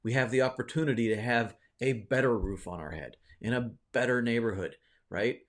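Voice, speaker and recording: A man with a medium-pitched, fairly quick voice hosts his own video and tells a personal story in a casual, rambling way. Full of fillers and restarts, he keeps checking in with "right?" while sounding reflective and encouraging.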